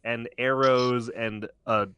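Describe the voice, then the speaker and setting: A man's voice: medium pitch, flat delivery, takes it slowly, a bit bright, smooth, dry recording. A man co-hosting a podcast, casually recapping a cartoon episode in a rambling, explaining way. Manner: rambling, restarts, detailed explainer. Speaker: podcast co-host.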